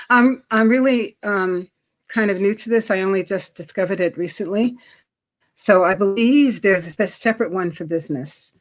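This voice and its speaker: A middle-aged woman from New York with a New York accent, a guest chatting casually about credit, often pausing with ums and clearing her throat. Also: mid-range voice. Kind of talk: casual interview chat.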